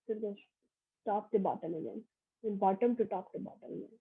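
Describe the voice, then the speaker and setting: A young woman giving a recorded online lesson, slow and patient, repeating each example aloud. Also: a little high, fairly even intonation, breathy edge. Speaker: workshop teacher. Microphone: online video lesson. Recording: tinny phone-like audio.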